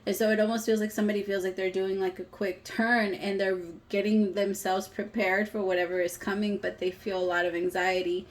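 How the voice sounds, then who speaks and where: A woman's voice: medium pitch, little pitch movement, a little fast, hardly any pauses. A woman in her thirties giving a casual tarot reading, chatty and emotional, with some casual swearing. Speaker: tarot reader.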